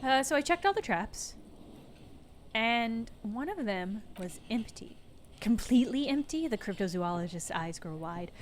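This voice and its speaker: A woman's voice: medium pitch, animated, unhurried, a little hiss or hum. A woman streaming a video game, reading the narration aloud and mixing in playful comments as she thinks aloud.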